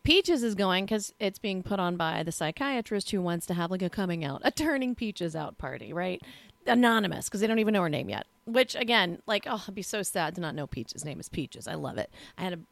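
A woman's voice: on the low side, fairly quick, vocal fry, dry recording. Chatty woman co-hosting a film podcast. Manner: chatty, animated, bursts into squealing voices when quoting. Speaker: podcast co-host. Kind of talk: casual film chat.

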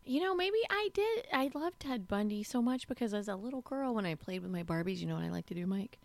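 A woman's voice: mid-range voice, animated, fast, gravelly. A woman co-hosting a podcast, chatting playfully about films and laughing between remarks. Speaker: podcast co-host. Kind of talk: casual film chat.

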